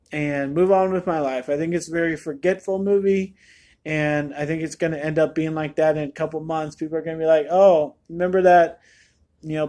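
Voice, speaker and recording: Male reviewer, somewhat high voice, off-the-cuff and rambling, lots of fillers. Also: darkish tone. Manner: candid, rambling, with many fillers. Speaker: movie reviewer. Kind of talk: casual spoken review.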